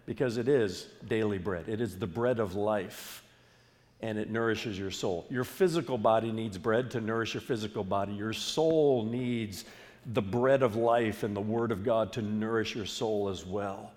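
Pastor guy preaching, gets loud and lively, big hall echo behind him. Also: on the low side, measured pace. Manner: animated preaching with call-and-response. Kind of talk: sermon. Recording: long reverb of a large hall.

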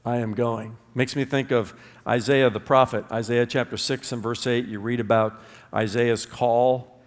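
A man's voice: mid-range voice, steady tone, moderate pace, in a large hall. A man preaching a sermon as pastor, emphatic, drawing his congregation into call-and-response. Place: church sanctuary.

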